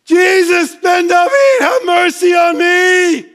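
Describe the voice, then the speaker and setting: A man voicing a blind male beggar who cries out desperately, shouting and pleading in a high, strained voice. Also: expressive, takes it slowly, exaggerated voice.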